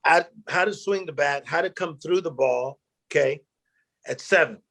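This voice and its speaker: Gravelly-voiced man telling stories. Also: a little high, moderate pace. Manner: animated storyteller, acts out quotes, emotional. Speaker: guest, motivational speaker. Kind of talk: storytelling interview chat.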